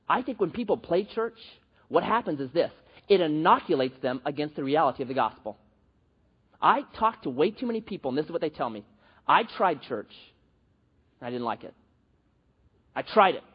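Husky guy preaching, bouncy high voice, long hall echo, kinda muffled. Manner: animated, joking, conversational preaching with many restarts. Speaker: pastor. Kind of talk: sermon. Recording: dull, reverberant hall recording.

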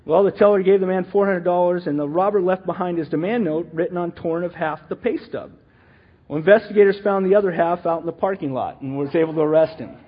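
A middle-aged man giving a rambling, animated church teaching, full of restarts and asides. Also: sits high, fast, breathy edge, phone-quality sound. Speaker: lay teacher.

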